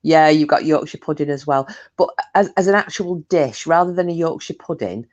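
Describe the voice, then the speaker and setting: A woman's voice: low voice, a little fast, a little mellow, highs cut off. A woman chatting casually with her live stream viewers, talkative and self-mocking, swearing freely.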